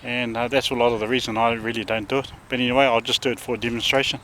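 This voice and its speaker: A man with a New Zealand accent, a dog trainer chatting casually outdoors with his dogs and now and then calling loudly to one of them. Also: mid-range voice, flat delivery, very fast. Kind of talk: casual outdoor vlog talk.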